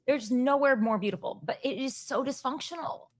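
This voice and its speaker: Sarcastic lady host riffing on politics, kinda high voice. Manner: blunt, sarcastic, quick asides. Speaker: podcast host. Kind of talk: casual political chat.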